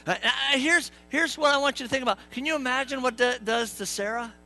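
A man's voice: extremely high pitch, fairly quick, vocal fry, sharp tone, soft background music, rough recording. A male pastor preaching a sermon in a church, conversational and joking, talking to the congregation and acting out quotes in playful voices. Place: church sanctuary.

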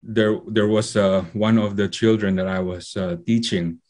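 A man's voice: fairly low pitch, steady tone, unhurried, darkish tone. A man from the Philippines, preaching a sermon in a conversational, storytelling way with frequent fillers.

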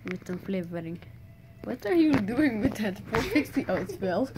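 A woman's voice: medium pitch, very animated, normal speed, heavy background noise. A girl narrating a silly toy-play video, giggly and teasing, with mock-dramatic moments. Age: teens. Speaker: video maker. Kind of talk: playful toy-play commentary.

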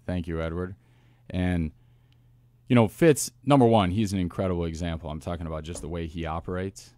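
A man, a football coach, telling stories in a casual interview with lively asides and restarts. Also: sits low, dry recording. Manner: animated storyteller, quick asides and restarts. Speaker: wide receivers coach, guest.

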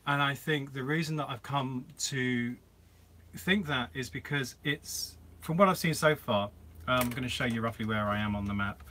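A man's voice: mid-range voice, normal speed, bright, forceful tone, slight background noise. A man hosting a live-stream Q&A from inside a camper van, chatting in a rambling way and greeting viewers by name. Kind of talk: casual live-stream chat.

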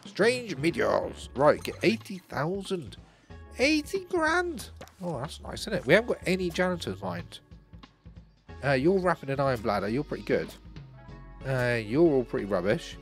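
A man's voice: fairly high pitch, sing-song, normal speed, creaky, soft background music. A man hosting a gaming channel, chatting through a let's play and cheerfully talking to the game's characters.

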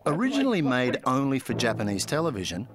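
A man giving scripted documentary narration in a clear, storytelling way. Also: mid-range voice, wildly swooping pitch, quick pace, background noise. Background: music.

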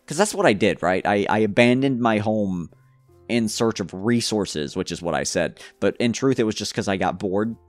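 A man's voice: lowish voice, expressive, normal speed, no echo, soft background music. A man giving casual gameplay commentary, rambling and joking to himself with frequent stumbles. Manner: rambling, jokey self-talk with stumbles. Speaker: gamer.

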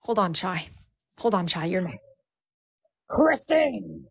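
A woman's voice: fairly low pitch, sing-song, takes it slowly, gravelly, slightly rough. Woman running a theatrical tavern role-play. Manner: theatrical, mock-archaic tavern-keeper talk. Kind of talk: improvised tavern role-play on a live stream. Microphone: phone.

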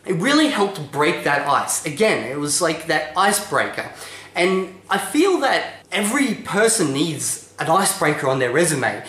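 A man's voice: a little high, sing-song, moderate pace, fairly bright tone. Joking male YouTuber in an echoey room. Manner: joking, self-assured storytelling. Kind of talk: casual vlog talk to camera.

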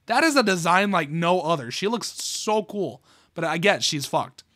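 High-voiced excitable young man reacting. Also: normal speed, no echo, studio quality. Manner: excitable, swears freely while reacting. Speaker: video creator reading a comic aloud. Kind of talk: casual reaction commentary.

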